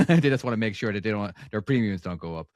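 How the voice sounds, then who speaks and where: A man's voice: fairly low pitch, big pitch swings, fast, darkish tone, dry recording, clean studio sound. A man co-hosting a casual podcast, rambling bluntly with the odd swear. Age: adult. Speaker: podcast co-host.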